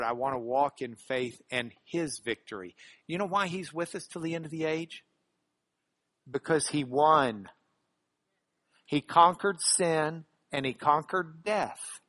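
A man's voice: a little high, measured pace, long pauses, no echo. Earnest man giving a Bible lesson. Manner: earnest, animated, with sudden emphatic rises. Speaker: Bible teacher. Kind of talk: sermon-style Bible lesson.

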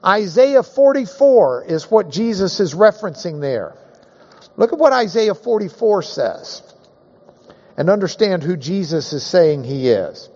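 A high-pitched man teaches a Bible class, unhurried and folksy, drawing out the words that matter. His voice rings through a large hall with a long echo, and the recording sounds muffled and dull. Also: sing-song, darkish tone, slightly rough. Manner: folksy and joking, drawn-out emphasis on key words.

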